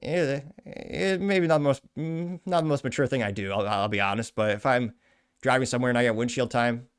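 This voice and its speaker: A male host rattles through a news article at a brisk pace. He breaks in often with wry, chatty asides and corrects himself as he goes. His voice sits at an ordinary middle pitch for a man. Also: smooth. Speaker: show host. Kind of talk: casual commentary reading a news article.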